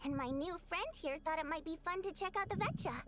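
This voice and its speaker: A woman's voice: very high-pitched, quick pace, a bit bright. A woman voicing an earnest young female ally in a game, confiding her plans in long explanations. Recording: game voice over clear music.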